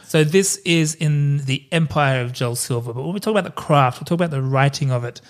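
A man's voice: on the high side, fairly quick. A man, co-hosting a podcast and telling stories casually, with swearing and asides. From Australia. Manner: loose storytelling with swearing and asides. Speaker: podcast co-host. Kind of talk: casual chat.

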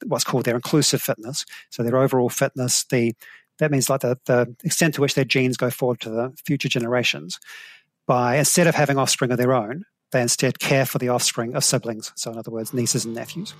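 A middle-aged man with a New Zealand accent answers interview questions in a thoughtful, hedging way. His voice sits at an ordinary pitch. The sound is dry and close, with no room around it. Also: steady tone, brisk, dry recording. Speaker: guest, evolutionary psychology professor. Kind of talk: explanatory interview talk.

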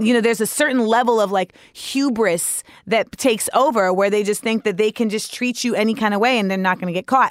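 A woman's voice: a little high, no echo, clean studio sound. A woman hosting a podcast, talking alone in a candid, opinionated way, with frank swearing and joking asides. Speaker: podcast host. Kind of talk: casual solo monologue.

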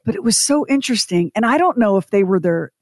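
A woman's voice: mid-range voice, animated, fast, darkish tone, no echo, clean studio sound. A woman co-hosting a radio talk show, telling stories in a chatty way and putting on voices now and then. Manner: chatty, storytelling, mimics voices. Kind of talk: casual chat.

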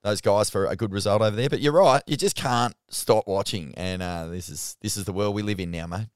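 A man co-hosting a podcast in casual chat, excitable and swearing freely. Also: fairly low pitch, a little fast, clear, resonant tone, no echo, clean studio sound. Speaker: podcast co-host.

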